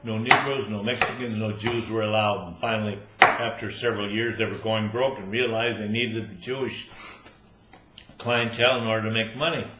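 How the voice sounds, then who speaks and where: A man's voice: lowish voice, fairly even intonation, moderate pace. An older man telling jokes to a live club crowd, chuckling at his own punchlines. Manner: storytelling, laughing at own punchlines. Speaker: amateur joke teller. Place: room at a social club after bridge. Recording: roomy room with faint noise.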